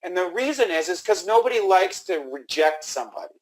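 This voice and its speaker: A man giving an energetic sales training talk, acting out phone dialogue with frequent restarts. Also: sits high, fairly quick, poor audio. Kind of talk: instructional talk.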